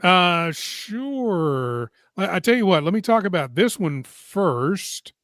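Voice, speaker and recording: A man's voice: high voice, big pitch swings, takes it slowly, a bit bright, no echo, clean studio sound. A man hosting a casual live stream, chatting and reading viewer comments aloud. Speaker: host.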